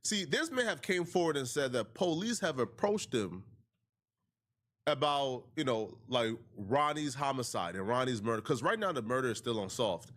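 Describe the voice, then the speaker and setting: A man's voice: medium pitch, expressive, moderate pace, a bit bright. A man recapping a news story in a casual, conversational way, with many fillers.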